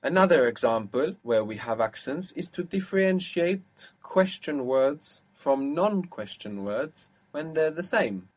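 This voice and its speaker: A man teaching a one-to-one language lesson, explaining patiently and slowing down to model words. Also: on the high side, animated.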